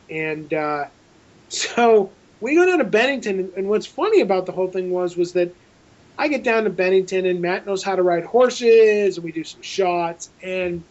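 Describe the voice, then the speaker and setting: A film director with a high voice, captured in dull audio, tells a rambling, animated story during an interview, frequently restarting.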